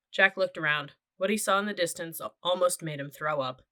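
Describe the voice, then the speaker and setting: A woman reading a children's chapter book aloud. Her voice sits a little low, with a bright, forward tone, and she tells the story in a steady, clear way. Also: a little fast, few pauses. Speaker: audiobook narrator. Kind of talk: children's audiobook narration.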